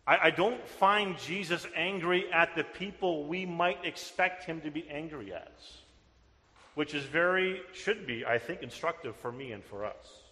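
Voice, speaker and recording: A man's voice: a little high, expressive, unhurried, pushed and bright, long reverb tail. A man preaching a sermon as pastor, earnest and answering his own rhetorical questions. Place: church sanctuary.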